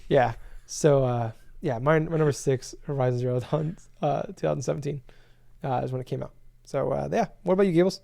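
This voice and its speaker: Animated, eager podcast co-host man. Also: on the high side, fairly quick, creaky. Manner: animated, laughs often, jumps in eagerly. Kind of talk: casual chat.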